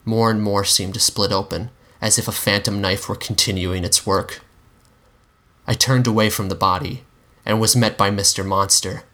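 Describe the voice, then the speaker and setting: Male reader, low and bright, measured dramatic storytelling. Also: fairly even intonation. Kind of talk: dramatic first-person story reading.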